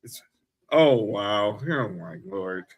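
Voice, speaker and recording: A man's voice: on the low side, animated, takes it slowly. A man co-hosting a wrestling podcast, talking casually in long rambling runs and laughing easily. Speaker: podcast co-host. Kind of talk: casual chat.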